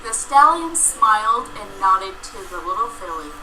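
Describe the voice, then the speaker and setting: A woman narrating a fan fiction story in an expressive storybook manner. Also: medium pitch, measured pace, loud music behind the voice, poor audio.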